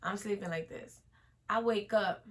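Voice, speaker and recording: A young woman, telling an animated casual storytime vlog straight to her viewers. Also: medium pitch, measured pace.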